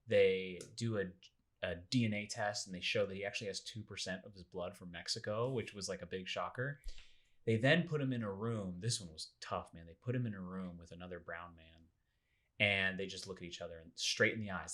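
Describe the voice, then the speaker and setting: A young man hosting a casual podcast, retelling a story in a loose, animated way with lots of fillers. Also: fairly quick. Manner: animated, acts out quoted people with big pitch jumps. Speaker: podcast host.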